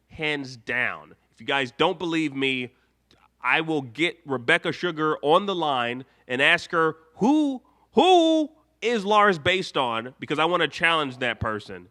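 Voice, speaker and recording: A man's voice: on the high side, pushed and bright. A young man hosting a live show, rambling casually, reading viewer comments aloud and laughing often. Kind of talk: casual live stream chat.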